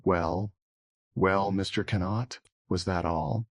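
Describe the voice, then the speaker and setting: Man doing a stiff formal coroner, deep husky voice, dry. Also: steady tone, slow, dry recording, heavily acted. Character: formal male coroner at an inquest.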